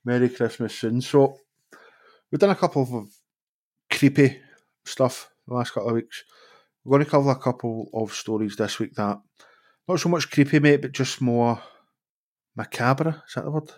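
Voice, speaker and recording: A Scottish man hosting a casual podcast chat, relaxed and jokey, with the odd swear. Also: mid-range voice, normal speed, long pauses. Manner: relaxed, chatty, swears and jokes about. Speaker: podcast host.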